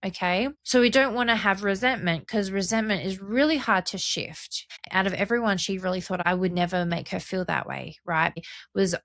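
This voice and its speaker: A young adult woman hosts a solo podcast in a reflective monologue, speaking earnestly and passionately and often checking in with "right?" and "okay?". Her mid-range voice is a bit bright and moves at a moderate pace. The recording is clean studio sound with no room echo.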